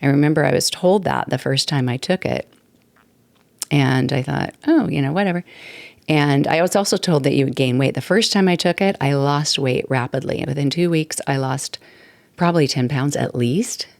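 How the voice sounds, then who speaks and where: A chatty woman in her sixties talks on her own podcast, rambling and laughing as she goes. Her voice has a gravelly fry in it. The recording is dry, with little room sound. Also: very deep voice, normal speed, darkish tone, dry recording. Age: 60s. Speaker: podcast host. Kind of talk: casual solo talk. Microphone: desktop mic at computer.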